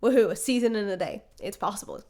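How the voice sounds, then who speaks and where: A young woman co-hosting a casual podcast chat, telling stories with lively acted-out reactions. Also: mid-range voice, fast. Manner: animated storyteller, acts out her own reactions. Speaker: podcast co-host.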